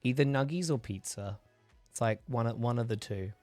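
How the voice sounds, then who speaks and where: A man's voice: mid-range voice, normal speed, a little mellow, no room sound, soft background music. A man hosting a livestream, chatting in a rambling way with viewers while recovering from a chest infection and coughing now and then. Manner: rambling, chatty, reads and answers chat. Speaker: livestream host. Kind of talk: casual chat with live viewers.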